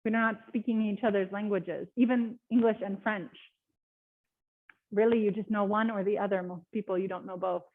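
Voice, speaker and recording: A woman speaking casually as a guest speaker in an online webinar, chatty and quick to laugh. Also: medium pitch, steady tone. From Canada. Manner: chatty, laughs often, lots of fillers. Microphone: video call. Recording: tinny phone-like call audio.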